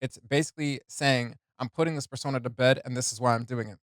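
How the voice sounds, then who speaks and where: A man's voice: mid-range voice, fairly even intonation, fast talker, dry recording, studio quality. A man hosting a reaction video, explaining rap lyrics in a loose, casual way with frequent chuckles and many "uh"s and "um"s.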